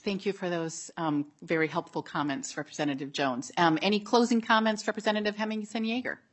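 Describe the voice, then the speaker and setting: A woman's voice: fairly low pitch, fairly quick. A woman chairing a legislative committee hearing, polite and procedural, with many fillers.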